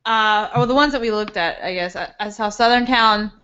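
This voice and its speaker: A woman's voice: medium pitch, normal speed, sharp tone. A woman from North Carolina chatting and giggling with friends before a tabletop game, telling a story. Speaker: player on a tabletop game podcast. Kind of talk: casual chat among friends. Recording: muffled lo-fi recording.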